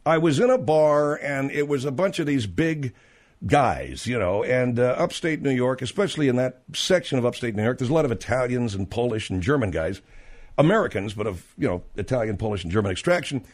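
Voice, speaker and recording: A man's voice: medium pitch, expressive, fairly quick. Rambling male radio talk host. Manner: rambling anecdotes, lots of fillers and restarts.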